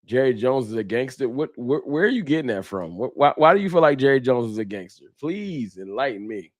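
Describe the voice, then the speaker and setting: A man's voice: mid-range voice, animated, fast talker. A laid-back man hosts a casual livestream and chats easily into his mic as viewers come in. His voice sits in the middle of the male range, and he keeps an easygoing, slangy, friendly rhythm. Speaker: host of a fan livestream.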